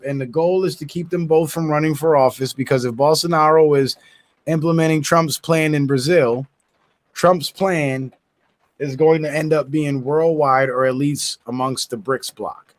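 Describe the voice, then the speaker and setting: A man's voice: fairly high pitch, steady tone, measured pace. A man hosting his own channel, reading news reports aloud, stumbling over words and breaking off with indignant comments of his own. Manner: stumbles and restarts words while reading, adds indignant asides. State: yawning, tired. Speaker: channel host.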